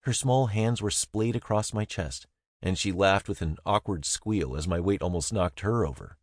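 A man's voice: sits low, moderate pace, darkish tone, dry recording, clean studio sound. A young man reading a first-person novel aloud in a wry, easygoing way. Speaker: narrator. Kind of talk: first-person audiobook narration.

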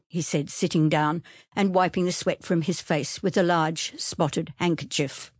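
Audiobook narrator, woman, low-ish voice, steady storytelling, dry close-miked read. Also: unhurried, breathy edge, no room sound.

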